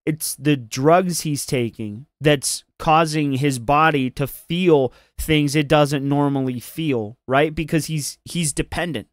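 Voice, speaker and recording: A man's voice: fairly high pitch, slow pace, few pauses, no room sound, studio quality. A man hosting a casual stream, chatting in a laid-back, profane way and laughing often. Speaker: stream host. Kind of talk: casual commentary chat.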